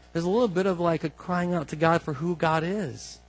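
Male pastor, slightly higher voice, conversational sermon that builds to emphatic declarations. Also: fairly even intonation, fairly bright tone, rough recording. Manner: conversational, asks the congregation questions; rises to emphatic, drawn-out declarations.

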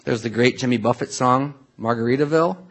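A man's voice: medium pitch, fast talker. A man preaching a sermon in a conversational, storytelling way, full of asides to the congregation. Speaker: pastor.

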